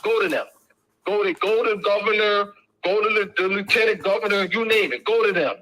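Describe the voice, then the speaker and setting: Man, middle-aged, high pitched, very bright tense voice, emphatic repetitive informal lecture. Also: brisk, poor audio. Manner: emphatic and repetitive, drilling points home.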